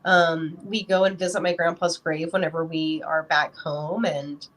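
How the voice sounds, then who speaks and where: Woman on a podcast, kinda low voice, rambly, says you know a lot. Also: steady tone, unhurried, a bit bright. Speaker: podcast guest; parent. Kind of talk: casual interview talk.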